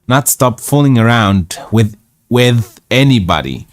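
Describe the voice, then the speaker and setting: A man voicing a reluctant young boy carrying water, reading the dialect haltingly. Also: medium pitch, animated, pitched above the performer's own voice, lightly acted. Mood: pleading.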